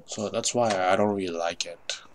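A man's voice: deep voice, steady tone, normal speed, slight background noise. A man giving live gameplay commentary, swearing often in frustrated outbursts over keyboard clicks. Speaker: gamer.

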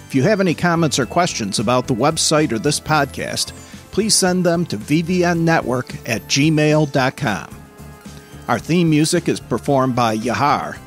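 A man hosting a music podcast, reading a plain, measured outro. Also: fairly high pitch, animated. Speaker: podcast host. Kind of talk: interview and scripted outro.

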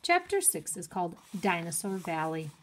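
A woman's voice: lowish voice, very animated, slight background noise. A woman teacher reading a chapter book aloud to children and stopping to explain words. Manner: slow and clear, explaining words. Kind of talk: read-aloud storytime for children.

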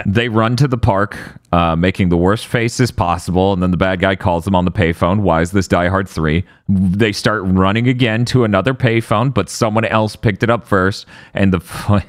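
Podcast co-host, man, low voice, dry close sound, sarcastic exasperated recap delivery. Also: fairly even intonation, normal speed, no echo. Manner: sardonic, exasperated, swears. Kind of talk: casual comedic recap.

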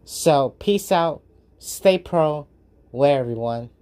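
Woman reacting to a video, swearing and ranting, lowish mellow voice. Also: animated, slow. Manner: profane, indignant ranting.

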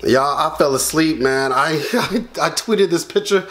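A man vlogging to camera in a casual, animated way, calling his viewers y'all and yelping and groaning as he peels a painful mask. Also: fairly high pitch, a little slow, hardly any pauses.

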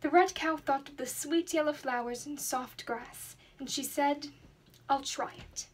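A young woman reading a children's storybook aloud in an expressive, dramatic way. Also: sits high, a little slow, a little hiss or hum. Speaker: student reader.

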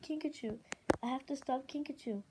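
A woman's voice: high voice, normal speed, very noisy, lightly acted. A woman voicing a frightened young female dragon with visions, talking in a frantic, pleading way.

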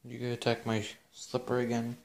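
A man's voice: medium pitch, monotone, brisk, creaky. A man at home, filming and talking playfully to his kitten in a doting way. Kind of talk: casual talk to a pet. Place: at home, indoors.

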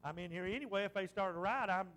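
A man's voice: high-pitched, fast, a bit bright, a little hiss or hum. A man from western North Carolina with a Southern Appalachian accent, preaching a folksy storytelling sermon in church.

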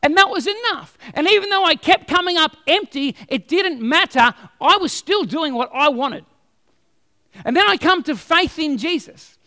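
A male pastor preaching a sermon in a chatty, animated, storytelling way. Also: very high voice, moderate pace, big-room sound.

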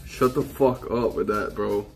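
A man livestreaming outdoors, talking in a rambling, profane, agitated way while high and paranoid. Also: measured pace, darkish tone, a little hiss or hum. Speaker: IRL livestreamer. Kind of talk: live street streaming.

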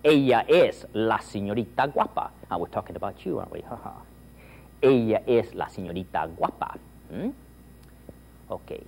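An enthusiastic male teacher runs an informal language lesson and coaxes his student along. His husky voice leaps up and down in pitch as he drills phrases slowly. He sounds playful and encouraging throughout. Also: huge pitch swings, a little mellow, low-quality recording. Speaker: Spanish teacher.

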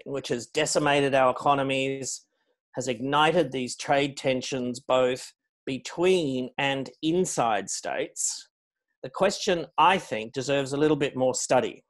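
A middle-aged man giving a public lecture as guest speaker, measured and anecdotal, stressing key words. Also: medium pitch. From Australia. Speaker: guest speaker on foreign policy.

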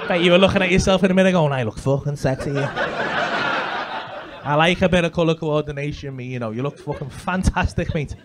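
A man's voice: on the high side, fairly even intonation, fast talker, hardly any pauses. A male stand-up comedian doing cheeky, sweary banter with audience members on a comedy club stage. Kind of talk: crowd work. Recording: live comedy club crowd laughing.

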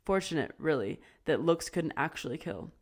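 A woman narrating an amateur audiobook in a steady storytelling voice. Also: sits low, moderate pace. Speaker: audiobook reader.

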